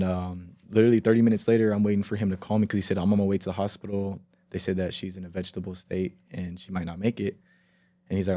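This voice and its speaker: Young man, podcast guest, lowish mellow voice, dry close sound; rambling casual storyteller who swears freely. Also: dry recording. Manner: rambling, heavy filler words and reenacted quotes. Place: podcast studio.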